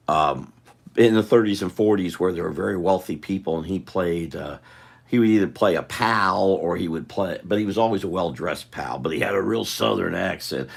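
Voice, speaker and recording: A man's voice: deep voice, gravelly, slightly rough. A man chatting casually and thinking aloud to his viewers as he draws live. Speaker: artist drawing live for viewers. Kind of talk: casual rambling chat while drawing.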